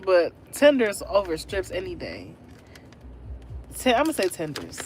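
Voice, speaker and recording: A woman's voice: on the low side, huge pitch swings, unhurried, darkish tone, slight background noise. A woman in her twenties, chatting casually on a livestream and telling her viewers a story. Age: 20s. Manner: chatty, talks straight to viewers. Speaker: livestream host.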